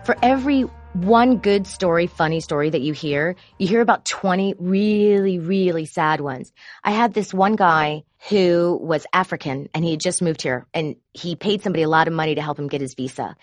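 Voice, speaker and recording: A woman who produces court shows tells candid, confessional stories about her job and grows animated when she quotes herself. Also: on the low side, moderate pace, no room sound. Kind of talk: personal storytelling.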